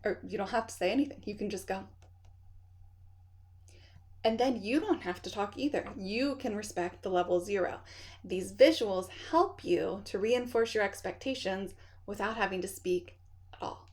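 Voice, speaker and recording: Upbeat chatty woman teacher. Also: medium pitch. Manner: upbeat and chatty, often asks "right?". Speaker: kindergarten teacher giving classroom tips. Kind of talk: friendly teaching talk to camera.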